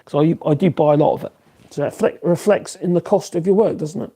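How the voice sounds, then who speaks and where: A man's voice: a little high, fairly quick, dark tone, breathy edge. A man in his fifties with a Norfolk accent, chatting casually on a woodworking livestream, rambling with lots of fillers and restarts. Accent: Norfolk English. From Norfolk, England. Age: 50s. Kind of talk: casual livestream chat answering viewers.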